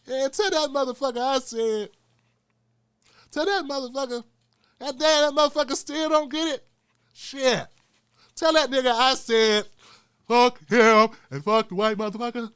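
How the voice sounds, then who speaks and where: A man imitating the spirit of a brash male comedian, talking high and cussing freely. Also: unhurried, pauses often, a bit bright, clear, resonant tone, no echo, studio quality.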